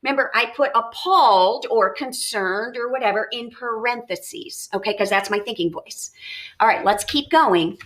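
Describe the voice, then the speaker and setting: A woman's voice: fairly high pitch, moderate pace, a bit bright. A woman teacher giving a recorded lesson, explaining step by step and thinking aloud with questions.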